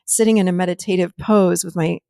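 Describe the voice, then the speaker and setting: A woman's voice: on the low side, fairly even intonation, fairly quick, vocal fry, dark tone, smooth, no room sound, studio quality. A woman hosting a podcast, explaining in a casual, conversational teaching way and often acting out quoted dialogue with animation. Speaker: podcast host and therapist.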